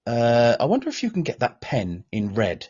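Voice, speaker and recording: A married man co-hosting a casual podcast chat, telling stories in an animated way. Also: mid-range voice, normal speed, husky, highs cut off. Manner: animated storytelling, matey. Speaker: podcast co-host.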